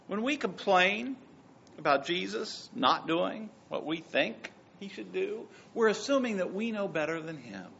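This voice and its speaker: A man preaching a sermon, emphatic and swinging between loud passages and soft ones. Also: high voice, sing-song, a little slow, creaky, slightly rough, lo-fi sound. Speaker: pastor.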